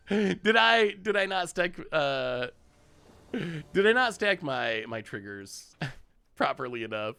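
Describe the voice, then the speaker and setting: A man's voice: a little high, very animated, slow, long pauses, bright, forceful tone, clear, resonant tone. A man streaming himself playing a card game, chatting casually, often laughing and talking to his opponent and chat. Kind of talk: casual gameplay commentary.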